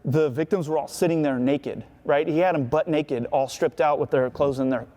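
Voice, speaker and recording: A man's voice: a little high, moderate pace, dark tone. A man recounting his past in an interview, talking casually and profanely, with "right?" and "you know" all through. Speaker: skateboarder.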